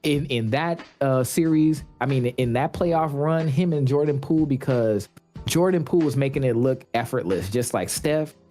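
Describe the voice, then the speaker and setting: A man in casual podcast chat who tells animated stories, full of restarts and fillers. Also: medium pitch, normal speed, soft background music. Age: adult parent of a daughter. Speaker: podcast guest.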